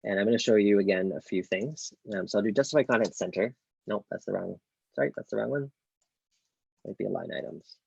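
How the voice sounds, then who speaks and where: Male coding tutor: low, gravelly, husky voice, casual screen-recorded walkthrough full of ums and self-corrections. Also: a little fast, no room sound, muffled recording. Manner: thinks aloud with many ums, self-corrections. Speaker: coding instructor.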